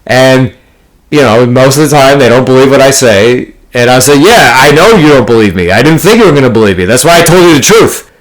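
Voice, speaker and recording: With a mid-range, expressive voice and a fairly quick delivery, a poker vlogger launches into an exasperated rant about a hand. It's a casual, blunt, profanity-heavy monologue full of card jargon, and he rambles and restarts along the way.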